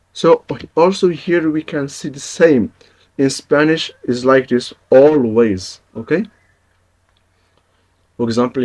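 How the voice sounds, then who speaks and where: A man's voice: medium pitch, darkish tone. A man teaching a Spanish lesson in English, patiently repeating each example and checking in with his viewers. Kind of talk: language lesson.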